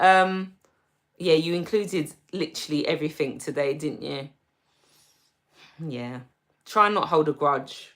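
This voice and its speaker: A woman with a London accent chats on her livestream, reading out viewers' comments and answering each one. She talks slowly and calmly, in a gentle, reassuring way, and her voice sits a little low. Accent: London English. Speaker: livestream host.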